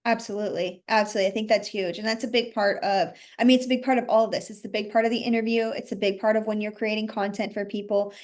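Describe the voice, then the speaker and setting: A woman's voice: medium pitch, steady tone, quick pace, hardly any pauses. A woman hosting a podcast interview, agreeing with her guest and talking in long, loose, rambling sentences. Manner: agreeable, rambling, many fillers. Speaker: podcast host. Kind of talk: casual interview chat.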